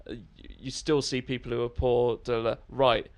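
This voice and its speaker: A man's voice: mid-range voice, flat delivery, fairly quick. A young man arguing politics earnestly in a podcast debate, stumbling over restarts as he makes his case. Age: young adult.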